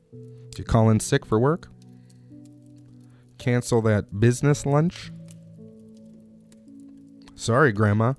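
A man's voice: on the low side, mellow. A man rambling through a comic monologue, digressing wryly and asking the listener questions.

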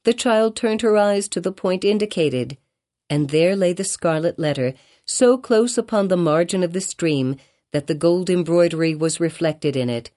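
A woman narrating an audiobook of a classic novel in a measured, formal reading. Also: fairly low pitch, dark tone.

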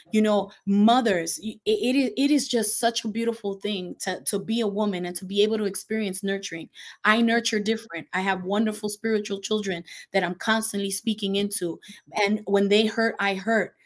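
Brief: female pastor, guest, earnest, sermon-like rhythm, mid pitch. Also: steady tone, a little fast. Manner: earnest, preaching cadence with repetition. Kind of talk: faith podcast conversation.

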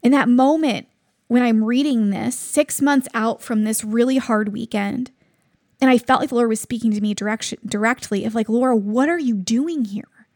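A woman's voice: a little high, steady tone, normal speed, darkish tone, dry recording, clean studio sound. A woman in her thirties hosting a devotional podcast, telling a personal story in an earnest, reflective way. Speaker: podcast host.

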